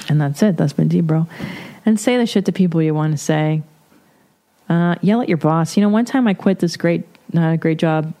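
A woman's voice: on the low side, gravelly, a little mellow. A middle-aged woman hosting a podcast alone, talking bluntly and profanely in a loose, rambling way. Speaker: podcast host. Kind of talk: casual solo podcast monologue.

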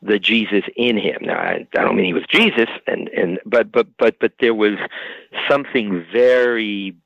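A man, an author being interviewed, speaking reflectively in a halting way full of restarts and repeated words. The audio is dull and lo-fi, like an old radio broadcast. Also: on the low side, sing-song, creaky, no room sound.

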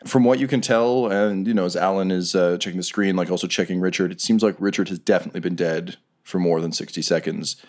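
A man with a very low, deep voice runs a tabletop game as its game master. He describes rooms and events in a measured, descriptive way. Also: steady tone, darkish tone.

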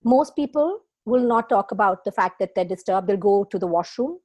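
Speaking at normal speed in a mid-range voice, a woman guest in a casual interview comes across as expressive and emotional. She laughs a lot and leans heavily on fillers.

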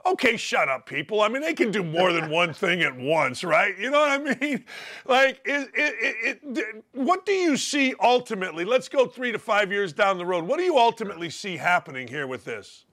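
High, bright-voiced joking male host. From US, Indiana. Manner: jokey, animated, quick to laugh. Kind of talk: casual sports interview.

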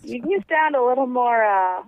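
A woman's voice: fairly high pitch, animated, normal speed, no room sound, phone-quality sound. A woman co-hosting a podcast in casual chat, making dry, teasing remarks. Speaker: podcast co-host.

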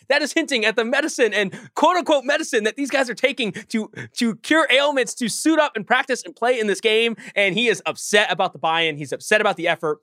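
A man co-hosting a sports podcast, his high voice bright and pressing as he rattles off arguments at speed. The sound is close and dry, with no room around it. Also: no room sound. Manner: fast, heated ranting. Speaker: podcast co-host.

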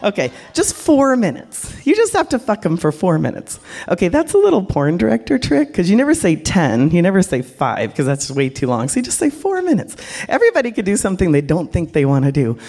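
A woman who works as a porn director, telling a frank, animated story to a live audience and acting out the voices. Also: lowish voice, quick pace.

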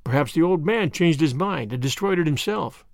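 A man's voice: fairly high pitch, animated, moderate pace, creaky, no room sound. A man doing a grumbling English companion. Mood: dry. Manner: dry, mildly grumbling. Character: grumpy, plain-spoken English gentleman companion. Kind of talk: audiobook character voice.

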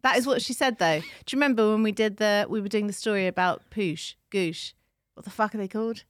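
A woman's voice: medium pitch, brisk, dry recording. Chatty London woman, dry close sound. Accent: London English. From England. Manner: chatty, reads out listener emails, jokey. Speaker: podcast co-host. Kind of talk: casual chat.

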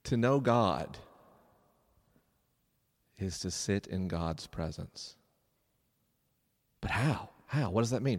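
A man giving a live talk to an audience, animated and joking as he addresses the crowd. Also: on the low side, takes it slowly, long pauses. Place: large stone church, live event. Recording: live hall with long reverb.

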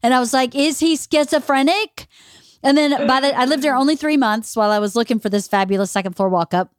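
A woman's voice: on the high side, fairly even intonation, fast, dry recording. Chatty woman host, dry close sound. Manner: chatty, reacts often. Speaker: podcast host. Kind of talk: casual chat.

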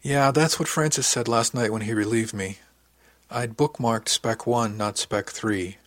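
A man voicing a young male crewman who is anxious, self-critical and quick to blurt things out. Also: mid-range voice, steady tone, fairly bright tone, no room sound, studio quality, close to an everyday voice. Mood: flustered.

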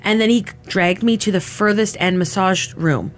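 A woman's voice: mid-range voice, normal speed, soft background music. A woman giving an emotional personal testimony in a casual, filler-heavy way, acting out what people said. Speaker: interviewee recounting her assault.

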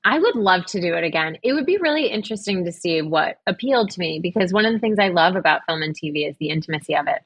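Low-voiced woman, gushing podcast guest. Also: fairly bright tone, no room sound. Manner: enthusiastic, effusive. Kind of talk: casual interview chat.

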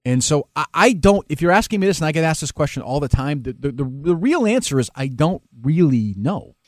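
A man, a talk radio host, speaking candidly and emotionally in an interview, with frequent halting restarts. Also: a little high, sing-song, no echo, studio quality. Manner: halting, many restarts, emotional and self-critical.

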